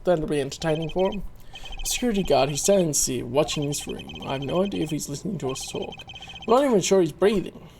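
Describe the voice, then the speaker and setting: A man's voice: a little high, expressive, fast talker, vocal fry, a little mellow, slight background noise. A man hosting a casual let's play, chatting and reading game text aloud.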